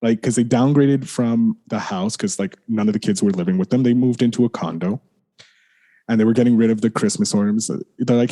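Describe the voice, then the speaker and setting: A man with a fairly low, mellow voice tells a candid personal story as a podcast guest. He rambles, leans on "like," restarts his sentences, and apologizes for swearing. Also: fairly quick.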